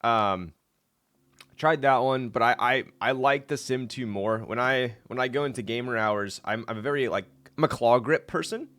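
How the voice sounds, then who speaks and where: A man's voice: medium pitch, normal speed, a bit bright. A young man casually chatting on his live stream, laid-back and rambling, laughing often and reading chat aloud.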